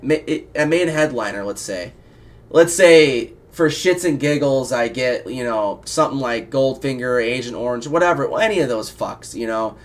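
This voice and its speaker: A man from Iowa hosting a casual interview show, rambling excitedly and swearing a lot. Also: mid-range voice. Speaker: show host. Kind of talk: casual profane chat.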